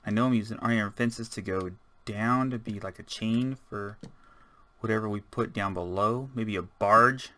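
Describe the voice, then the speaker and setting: A man's voice: lowish voice, moderate pace, bright, forceful tone. A man giving rambling, casual let's-play commentary, chatting and muttering to himself as he builds. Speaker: gaming channel host.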